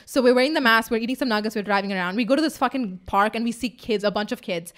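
A young woman co-hosting a casual chat, telling a story excitedly, swearing freely and acting out what people said. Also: on the high side, fast talker. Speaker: co-host.

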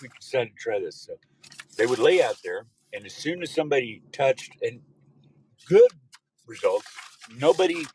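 A man hosting a loose, joking chat show, rambling and now and then bursting into loud put-on voices. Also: mid-range voice, slight background noise, rough recording. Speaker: podcast host. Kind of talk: rambling casual chat with listeners.

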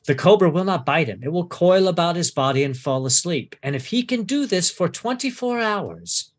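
Man playing smooth-talking, smiling torturer priest, calmly menacing, husky edge. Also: high-pitched, moderate pace, pitched above the performer's own voice, heavily acted. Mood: silky menace. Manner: calm, coaxing menace. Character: smiling, soft-spoken male priest torturer.

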